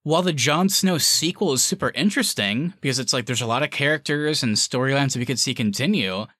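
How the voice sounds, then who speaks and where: Casting: man, podcast co-host, bright forward tone, dry close mic, rambling fan chatter. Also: mid-range voice, fast talker, no room sound. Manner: chatty, rambling, with many fillers and laughs. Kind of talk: casual fan discussion.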